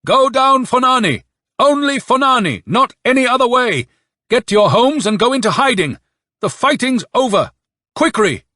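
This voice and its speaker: A man's voice: very high-pitched, animated, moderate pace, pushed and bright, dry recording, studio quality, voice pushed up, exaggerated voice. A man voicing a fierce, commanding male army colonel who barks his orders like a bugle call, in an audiobook reading. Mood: furious shouting.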